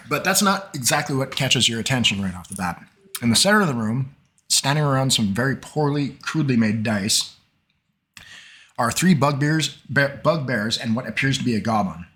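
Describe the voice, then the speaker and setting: A man running a tabletop game as game master, coughing between lines and pausing on fillers. His voice is bright and forward, heard through a desk mic. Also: medium pitch, lively intonation. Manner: halting, with frequent fillers and coughs. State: coughing, sore throat. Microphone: desk mic, online session.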